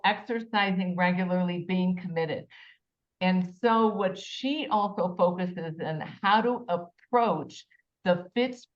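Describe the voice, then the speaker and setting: A woman hosting a casual panel discussion over a video call. She talks with enthusiasm and chats freely. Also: lowish voice. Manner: enthusiastic, chatty, spells words out. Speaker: talk show host. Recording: slightly muffled lo-fi audio.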